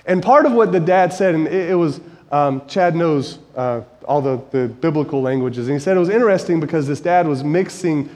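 A man's voice: on the high side, a little fast, few pauses, a little mellow. A man in his forties giving a conversational sermon, earnest and storytelling, rising to emphatic peaks. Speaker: preacher and high school Bible teacher. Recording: long reverb of a large hall.

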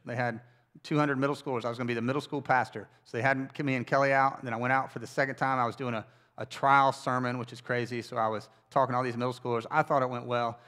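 A man's voice: medium pitch, a bit bright. Man pastor preaching a conversational sermon. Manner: conversational storytelling with wry asides. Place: church service.

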